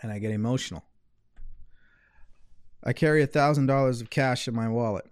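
A man hosting a live motivational talk, earnest in manner, slowly repeating gratitude affirmations. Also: mid-range voice, no room sound. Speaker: motivational host. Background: loud relaxing music.

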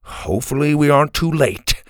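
A man voicing an older grandfather in a storybook reading, speaking in a steady, matter-of-fact way. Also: a little high, moderate pace, voice pushed up, natural voice. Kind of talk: storybook character voice.

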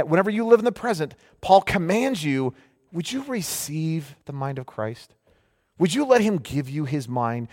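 A man's voice: fairly high pitch, a little mellow, long reverb tail. A man preaching a sermon as pastor, emphatic, repeating his phrases and often starting with "hey".

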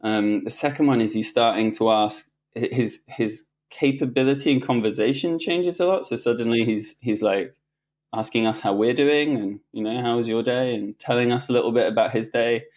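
Speaking at normal speed in a mid-range, slightly mellow voice, this middle-aged talk show guest rambles through a personal story with plenty of fillers, restarts, and laughter. Slight background noise is audible.

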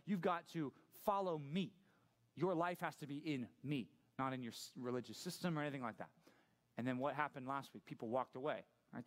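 Chatty youth pastor with a higher voice. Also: male voice. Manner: conversational, asks the listeners questions often. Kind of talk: sermon to a youth audience.

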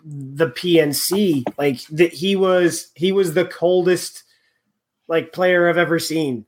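A man hosting a casual sports chat, talking in halting bursts with many restarts and fillers. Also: on the high side.

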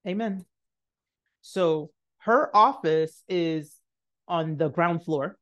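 A woman hosting a podcast, telling a motivational personal story and acting out the voices in it, jumping high for quotes and dropping to a hush for asides. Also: extremely slow. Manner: animated, acts out quotes with big pitch jumps and hushed asides. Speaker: podcast host.

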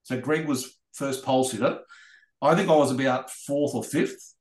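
An Australian man, a guest racer, telling rambling, animated anecdotes in a podcast interview. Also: mid-range voice, normal speed, roomy sound. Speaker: guest racing driver.

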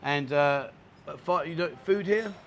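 A man with a London accent hosts a casual, teasing interview in a bar. His voice sits a little high for a man. Faint background noise from the bar runs underneath. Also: unhurried, a bit bright. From London, England. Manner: cheeky, teasing banter.

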